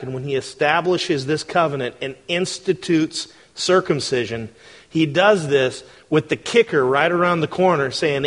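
A man preaching a sermon in a conversational, animated way, often asking the congregation questions. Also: sits high. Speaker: pastor.

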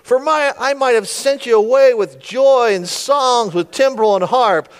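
A man's voice: a little high, very animated, normal speed, in a large hall. A man voicing a scheming older uncle, reading his grievances from scripture in a raised, aggrieved tone. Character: wily older male uncle, wounded and scheming.

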